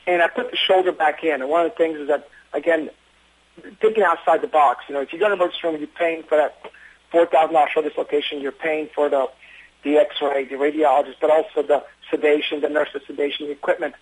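A man who works as an emergency physician, telling stories in an interview with earnest, quick talk and frequent restarts. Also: a little high, fairly even intonation, husky, poor audio. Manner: fast, earnest storytelling with many restarts. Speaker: emergency physician running an urgent care. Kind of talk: interview conversation.

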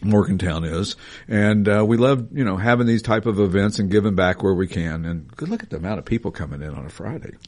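A man with a fairly low voice hosts a relaxed talk show about classic cars. He rambles, jokes at his own wording and corrects himself as he goes. His tone stays easygoing and conversational. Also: quick pace. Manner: joking, rambling, self-correcting. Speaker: podcast host, classic car dealer. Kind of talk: casual chat.

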